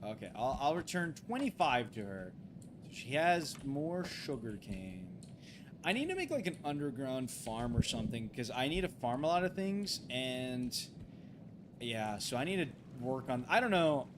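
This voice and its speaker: With a noisy background behind him, a man talks at a normal pace in a medium-pitched, sing-song voice. He's livestreaming a game late at night, chatting casually, rambling through fillers and restarts, and cursing or begging when the game turns against him.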